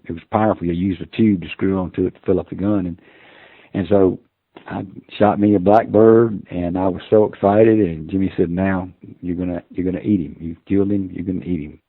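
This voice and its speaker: Older man in his 60s, deep and gravelly, folksy rambling storyteller, phone-quality line. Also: no room sound. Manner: folksy, rambling anecdotes with many fillers. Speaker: podcast guest. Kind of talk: casual storytelling.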